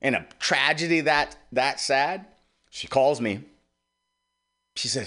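A man's voice: medium pitch, takes it slowly, long pauses, bright, forceful tone. Rambling, swearing male radio host. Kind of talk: rambling personal monologue.

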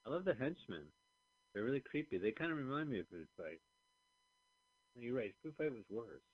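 A man co-hosting a podcast, trading quick jokes and asides while watching a film. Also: mid-range voice, very animated, slightly rough, dry recording. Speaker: podcast co-host. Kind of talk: casual movie commentary. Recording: dry lo-fi sound.

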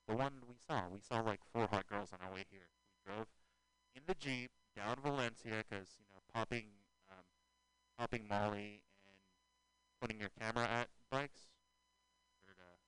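A man's voice: fairly low pitch, normal speed, a bit bright, smooth, no room sound, low-quality recording. A man in loose, rambling casual chat, joking and drifting from topic to topic as a podcast co-host.

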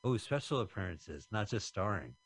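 Low dry-sounding guy cracking puns while watching an old film. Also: very animated, vocal fry, slightly rough, no echo. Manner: playful, quick with puns. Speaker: co-host. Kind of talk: casual movie commentary.

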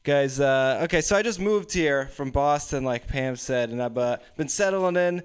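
A young man in his twenties telling casual, deadpan stand-up stories at an open mic. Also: mid-range voice, moderate pace, clear, resonant tone. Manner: casual, deadpan storytelling with frequent laughs. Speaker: stand-up comedian. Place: small room with few people. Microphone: stage microphone.

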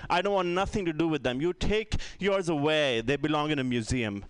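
A man's voice: on the high side, fairly quick, clear, resonant tone, no echo. A man from India doing a rambling, self-mocking stand-up set, full of "like". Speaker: stand-up comedian.

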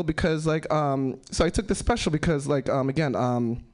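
A young man performing a stand-up comedy set, rambling and halting with many fillers, breaking into sudden high-pitched outbursts. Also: a little mellow.

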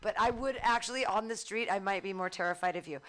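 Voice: medium pitch, fast talker, background noise. A host emceeing a comedy night, cheerfully teasing the last comic and introducing the next one.

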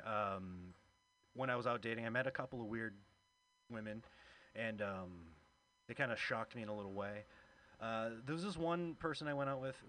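A man's voice: medium pitch, sharp tone, slight background noise. A man doing a conversational stand-up comedy set, telling a self-deprecating story at a small club. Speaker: stand-up comic and open mic host.

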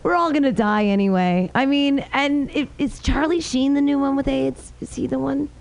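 A woman with a slightly high voice hosts a comedy open mic on a small club stage. She rambles brashly with crude teasing while introducing the next act, a faint hiss of background noise underneath. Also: normal speed, creaky.

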